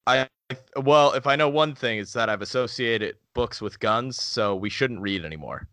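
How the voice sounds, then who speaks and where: Dry-joking young man, bright, dry sound. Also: medium pitch, moderate pace, clean tone, no echo. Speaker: podcast co-host. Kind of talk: casual podcast chat.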